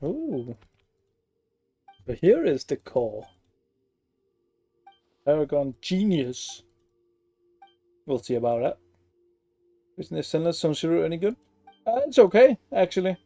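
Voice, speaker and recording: A man's voice: fairly high pitch, big pitch swings, takes it slowly, long pauses, dark tone, dry recording, soft background music. A man giving casual gameplay commentary, sarcastic and swearing freely as he plays. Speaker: gaming streamer.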